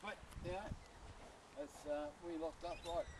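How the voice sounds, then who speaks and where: A man's voice: on the high side, a little slow. A drunk man rambling and slurring in a repetitive, mumbling way during a street chat. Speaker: drunk passer-by. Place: outdoors by a road, rural. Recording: noisy outdoor camera audio.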